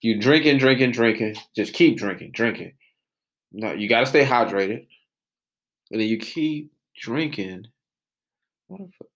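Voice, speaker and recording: Animated profane man ranting. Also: fairly low pitch, unhurried, pauses often. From Atlanta, US South. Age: late 20s. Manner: profane, animated, loses his train of thought. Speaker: podcast host. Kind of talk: casual storytelling rant.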